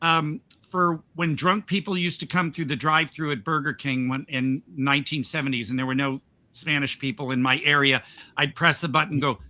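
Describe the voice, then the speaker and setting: Chatty male podcast host, bright, slightly high voice, rambling delivery. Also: fairly even intonation, brisk. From United States. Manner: chatty, rambling with frequent restarts and laughs. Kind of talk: casual chat.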